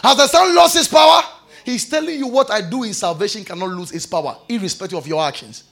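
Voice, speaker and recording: Man, preacher, very high voice, gravelly, shouts scripture, hushed prayers. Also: animated, fast. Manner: shouts scripture, then drops to soft prayer. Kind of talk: sermon.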